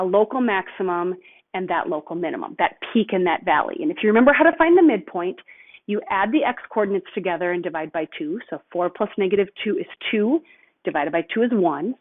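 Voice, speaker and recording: Female math teacher, patient step-by-step recorded lesson; narrow tinny audio. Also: medium pitch. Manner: patient step-by-step explaining, slows on key terms.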